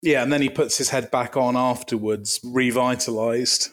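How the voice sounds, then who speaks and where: A man co-hosting a podcast, chatting casually with a dry, deadpan delivery and vivid, gory descriptions. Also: medium pitch, moderate pace. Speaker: podcast co-host. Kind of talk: casual comedic chat.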